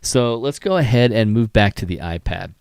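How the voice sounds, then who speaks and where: A man's voice: fairly low pitch, lively intonation, normal speed, creaky, a little mellow, smooth, no room sound. A man hosting a photography live stream, critiquing photos in a rambling, enthusiastic way with many fillers, sighs and yawns. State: tired, yawning.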